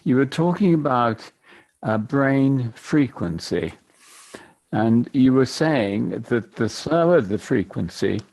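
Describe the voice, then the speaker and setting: A man's voice: medium pitch, expressive, takes it slowly, darkish tone. A man asking a speaker a question, courteous and precise, pressing for clarity on concepts.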